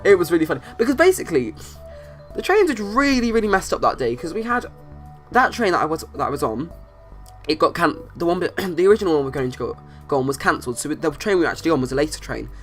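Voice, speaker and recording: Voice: mid-range voice, sing-song, fast. A young adult telling a long story in a casual voice-over, rambling with many restarts and fillers. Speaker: channel host. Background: faint background music.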